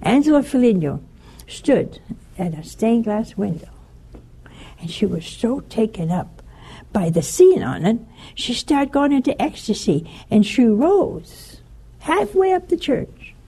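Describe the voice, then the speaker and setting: Speaking at a measured pace, an older woman with a higher-pitched, breathy voice preaches in a sermon style. As a religious speaker, she tells stories animatedly and takes on the voices of the people in them.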